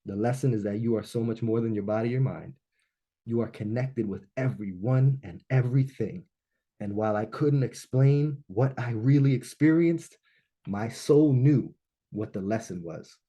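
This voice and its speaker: A man with a warm, mellow voice tells a personal story to a live audience at a launch event. He is animated and often checks in with "right?". He drops into hushed reflection and then rises into excited emphasis. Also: medium pitch, normal speed, husky. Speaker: speaker at a business launch event.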